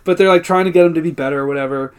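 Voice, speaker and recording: High-voiced man recapping a show. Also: racing, clear, resonant tone. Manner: animated, laughing, acts out characters' lines. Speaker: podcast co-host. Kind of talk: casual recap chat.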